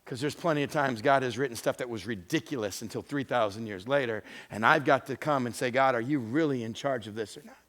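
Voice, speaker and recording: A male pastor delivering a sermon, retelling scripture stories with acted-out voices, moving between hushed, intimate moments and loud, emphatic ones. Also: mid-range voice, quick pace, hardly any pauses. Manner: dramatic storytelling, acting out voices of scripture figures.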